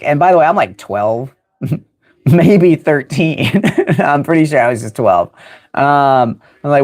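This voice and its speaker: A young American man chatting on his livestream, telling stories in a loose, rambling way. He laughs often and stumbles through fillers and restarts. His voice sits at an ordinary middle pitch. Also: expressive, measured pace, a little mellow. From United States. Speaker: livestream host. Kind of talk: casual storytelling on a livestream.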